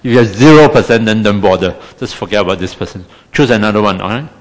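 A man's voice: lowish voice, quick pace, big-room sound. A man with a Singaporean English accent, teaching a meditation class in a wry, self-deprecating, chatty way full of tag questions.

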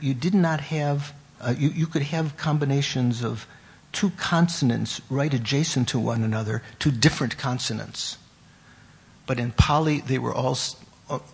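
Teaching a class on Buddhist meditation and its terms, this man pauses often, repeats words, and poses questions to his students. His voice sits at medium pitch, creaky with a breathy edge.

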